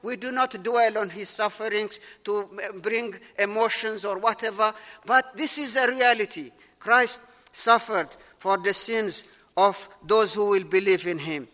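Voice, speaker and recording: A man's voice: high-pitched, unhurried, sharp tone. A man preaching a sermon with earnest, repetitive, emphatic phrasing. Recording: long hall reverb.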